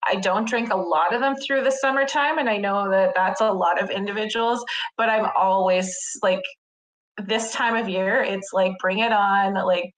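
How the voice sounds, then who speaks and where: A woman's voice: medium pitch, echoey room, poor audio. A Canadian woman chatting casually as a podcast guest, describing beers with enthusiasm and plenty of filler words. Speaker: podcast guest, craft beer reviewer. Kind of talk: casual chat.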